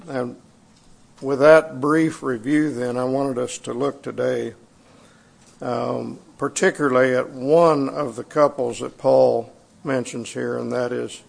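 Man preaching, middle-aged, gravelly, mid-pitched, conversational and halting, church sanctuary. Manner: conversational, halting with fillers and restarts. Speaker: pastor. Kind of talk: sermon.

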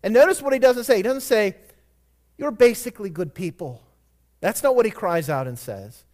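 High-voiced man preaching a sermon. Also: big pitch swings, brisk, a little mellow. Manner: earnest preaching, reads scripture aloud with emphatic stresses. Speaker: pastor.

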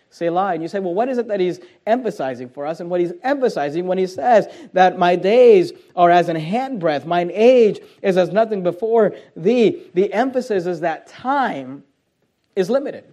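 A man with a high-pitched voice preaches a sermon. He stretches out scripture quotes and leans hard on key words, and he poses rhetorical questions to the congregation. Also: darkish tone. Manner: emphatic preaching, drawn-out scripture quotes, fillers like uh. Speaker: pastor.

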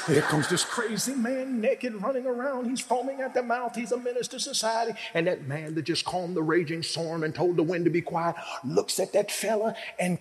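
A man preaching a sermon, telling a story dramatically and acting out the voices of its people, swinging from hushed to loud. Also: high-pitched, big-room sound, slight background noise.

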